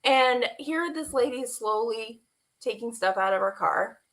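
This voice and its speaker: High bright woman retelling a story. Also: unhurried. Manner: animated retelling with quoted dialogue, laughing and near tears. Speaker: guest telling her story. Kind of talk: emotional personal storytelling. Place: online stream.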